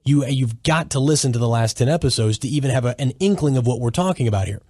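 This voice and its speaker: A man's voice: medium pitch, animated, quick pace, a little mellow, dry recording. A man hosting a solo commentary podcast, talking emphatically in a lecturing way and often restarting his sentences. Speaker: podcast host.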